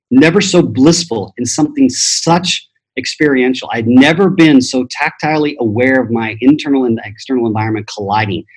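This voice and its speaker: A husky, medium-pitched voice on a rough recording. The speaker is a middle-aged man and transformation teacher guesting on a podcast, bluntly and profanely sharing motivational personal stories while acting out the voices he quotes.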